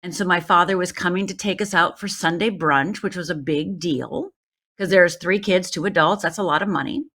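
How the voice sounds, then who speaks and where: A woman's voice: on the low side, moderate pace, fairly bright tone. A middle-aged woman from Upper Michigan, a life coach guest telling a personal story in a podcast interview, earnest and speaking straight to the host. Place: Los Angeles.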